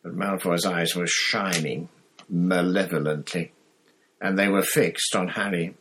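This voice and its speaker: Brief: low male audiobook narrator, measured. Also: steady tone, a bit bright, husky. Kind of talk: audiobook reading.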